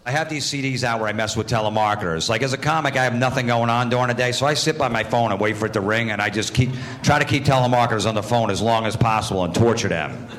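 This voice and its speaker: Bright-voiced comedian telling a story. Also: male voice, mid-range voice, fast. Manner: lively, laughing storytelling. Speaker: stand-up comedian. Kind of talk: interview anecdote.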